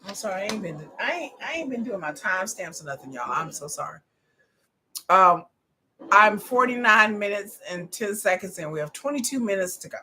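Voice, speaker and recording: A woman hosting a live watch party, commenting loudly, joking and swearing as she reacts to the screen. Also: mid-range voice, fairly quick, slight background noise. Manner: loud, animated, profane and joking.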